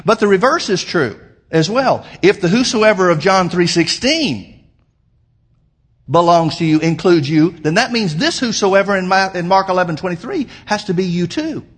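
A man preaching a sermon as pastor, emphatic, slowing down to quote scripture. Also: high-pitched, lively intonation, fairly bright tone, breathy edge.

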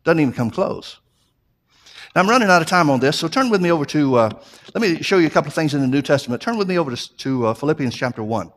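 Guy preaching, bit higher voice, earnest, restarts a lot, builds up the emphasis. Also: animated, quick pace. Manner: repeats himself, restarts phrases. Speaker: pastor. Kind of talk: sermon.

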